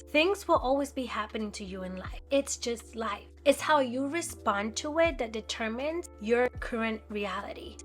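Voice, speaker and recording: Earnest woman giving motivational advice. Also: on the high side. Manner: earnest, direct, asks viewers questions. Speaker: self-help vlogger. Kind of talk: motivational talk to camera.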